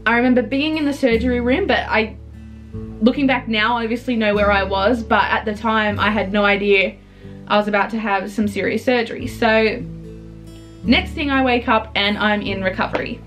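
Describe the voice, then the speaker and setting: A young woman, telling a personal story in an earnest, halting way, with restarts. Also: on the high side, steady tone, a bit bright, soft background music.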